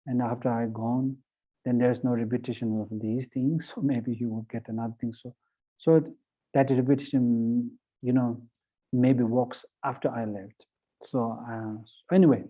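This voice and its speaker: Male dharma teacher, Tibetan accent, halting with restarts, slow deliberate recitation; phone-thin sound, mid-pitched voice. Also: steady tone. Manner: halting, with many fillers and restarts. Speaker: Buddhist teacher. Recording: tinny phone-like audio.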